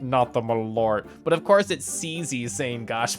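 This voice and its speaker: Woman, low voice, lively swoops, bubbly, giggly, casual live-stream chat, faint music behind. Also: a little slow.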